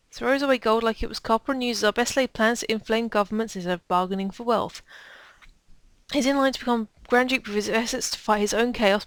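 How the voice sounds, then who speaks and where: A woman voicing a secretive informant in a hushed whisper. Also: a little high, dry recording.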